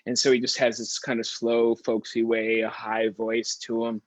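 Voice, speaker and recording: A man's voice: mid-range voice, monotone, moderate pace, no room sound, low-quality recording. A man, a pastor, teaching a Bible study in a conversational storytelling way.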